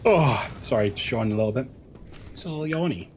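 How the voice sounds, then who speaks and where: A man's voice: mid-range voice, very fast, a little mellow, slight background noise. A man streaming a game, chatting casually with his chat, stumbling over and repeating words as he rambles and swears now and then.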